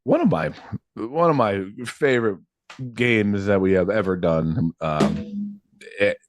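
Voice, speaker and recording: A man's voice: on the low side, takes it slowly, no echo. A man hosting a podcast, chatting loosely and laughing easily, with many restarts. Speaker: podcast host. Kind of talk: casual chat.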